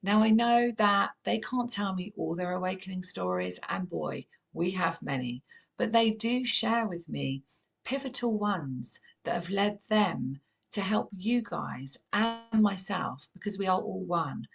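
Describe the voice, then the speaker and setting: Husky Southern English woman host. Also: mid-range voice, unhurried. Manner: animated, encouraging, many affirming yeahs. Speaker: podcast host. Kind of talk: conversational interview.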